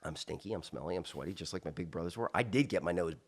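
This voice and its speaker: Low-voiced man telling a story. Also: quick pace, slightly rough. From South Florida, US. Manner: animated, many restarts and asides. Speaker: interview guest. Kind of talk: personal storytelling in an interview.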